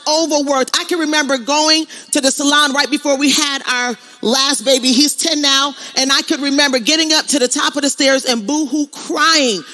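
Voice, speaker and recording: On stage at an event, a middle-aged motivational speaker with a high, sharp-toned voice gives an emphatic, preachy speech. She repeats her lines and shouts out to the audience.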